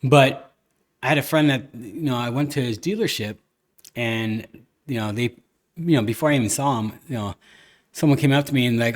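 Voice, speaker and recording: This is a man hosting a relaxed podcast conversation. He talks at a middling pitch and tells stories with lively energy, slipping into quick put-on voices whenever he quotes salespeople or friends. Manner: animated storytelling, acting out quoted people. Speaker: podcast host. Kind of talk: casual chat.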